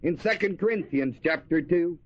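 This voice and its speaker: A man's voice: a little high, expressive, normal speed, no room sound. A man preaching a sermon, asking his listeners questions and repeating key words for emphasis. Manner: asks the audience questions and answers them. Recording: dry, dull lo-fi recording.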